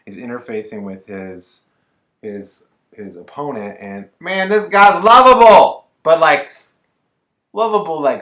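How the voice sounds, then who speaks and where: A man co-hosting a casual reaction chat, joking and rambling in an animated way. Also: fairly low pitch, echoey room. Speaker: co-host.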